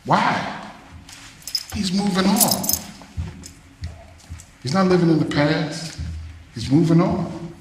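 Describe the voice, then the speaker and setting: A man talking to students in a loose, animated way, breaking into scatted rhythms between his stories. His voice sits at an ordinary pitch and booms around a big echoey hall with a long reverb tail and faint background noise. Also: takes it slowly, long pauses. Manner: animated, scats rhythms, loose casual phrasing. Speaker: jazz musician giving a masterclass. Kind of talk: storytelling talk to students.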